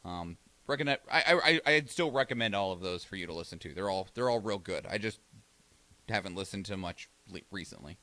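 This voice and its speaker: A man co-hosting a podcast in casual chat, briskly moving things along. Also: sits low, lively intonation, pushed and bright, no room sound. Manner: brisk, moves the show along. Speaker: podcast co-host.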